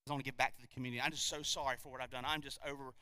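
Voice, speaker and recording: A man voicing a remorseful male criminal who pleads with a judge in a low, hushed voice, rambling and full of self-pity. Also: flat delivery, very fast, no room sound, close to an everyday voice. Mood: pleading.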